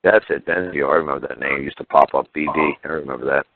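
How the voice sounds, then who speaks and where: A man's voice: very deep voice, steady tone, fast talker, slight background noise. A man on a talk show telling a story in a blunt, profane, fired-up way over the phone. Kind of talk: casual call-in radio chat. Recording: tinny phone line.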